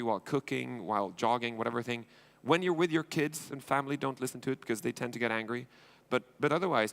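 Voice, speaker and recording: Male entrepreneur, gravelly, blunt, casual onstage speaker. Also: mid-range voice, a bit bright. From Sweden. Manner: blunt, informal, acts out dialogues, swears. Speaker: entrepreneur and angel investor. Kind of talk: conference stage talk. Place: conference stage.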